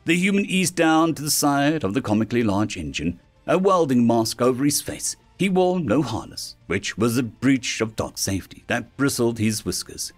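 A man narrating a science-fiction story in an expressive storytelling manner. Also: mid-range voice, moderate pace, soft background music. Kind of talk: scripted sci-fi story narration.

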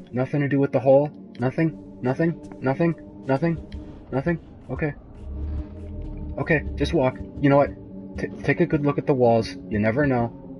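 A young man commenting live on a horror game, jumpy and profane, moving between hushed muttering and high-pitched yelps. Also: rough recording. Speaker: gaming host playing a horror game.

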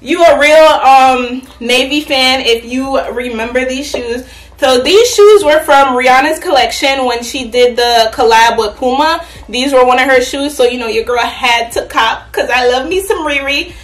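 Chatty high-voiced young woman in a roomy space. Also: normal speed. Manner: chatty, playful, talks straight to viewers. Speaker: fashion vlogger. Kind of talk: casual try-on haul chat. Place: at home, in an echoey room. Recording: roomy, from a distance.

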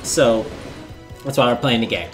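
A man's voice: medium pitch, normal speed, fairly bright tone, soft background music. A man hosting a let's play, rambling and self-deprecating as he comments on the game. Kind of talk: casual gameplay commentary.

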